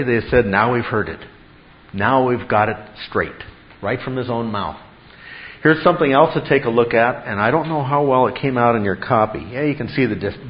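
A man's voice: medium pitch, lo-fi sound. A man teaching a Bible class in a classroom, emphatic and full of rhetorical questions to his students.

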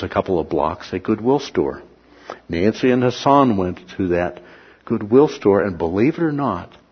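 A man preaching a sermon, telling stories with lively asides and reading scripture aloud. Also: on the low side, slightly rough, lo-fi sound. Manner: animated storytelling with asides.

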